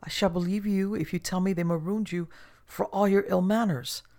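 A man playing a brusque shipwrecked gentleman. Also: high voice, fairly even intonation, normal speed. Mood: impatient. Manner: brusque, questioning. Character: indignant shipwrecked English gentleman.

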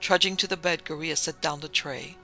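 A man narrating a dark story in a measured, grave manner. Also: fairly high pitch, fairly even intonation, faint music behind, low-quality recording.

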